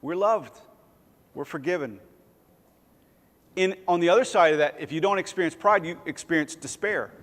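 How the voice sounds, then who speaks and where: A man's voice: on the high side, normal speed, pauses often, a bit bright, big-room sound. A man preaching a sermon in a church, conversational and self-deprecating, sometimes acting out little voices. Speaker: pastor. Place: church sanctuary.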